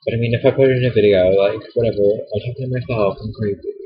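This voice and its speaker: A man's voice: fairly even intonation, quick pace, slightly rough. A young man venting to the camera in a heated, profane, sassy rant, recorded on a poor built-in camera mic. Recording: dull low-quality camera audio.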